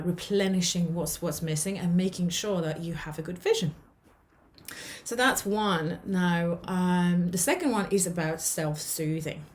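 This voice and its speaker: A woman's voice: lowish voice, slight background noise. A woman talking straight to camera, earnest and encouraging, often restarting and checking in with "okay?". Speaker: vlogger giving life advice. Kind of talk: casual talk to camera.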